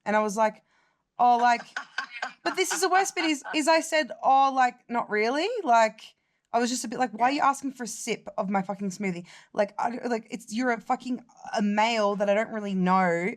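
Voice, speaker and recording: At a normal speed and on the high side in pitch, a young Australian woman vlogs, telling a story in a chatty way. Her delivery is animated and full of swearing, and she reenacts what others said using different voices.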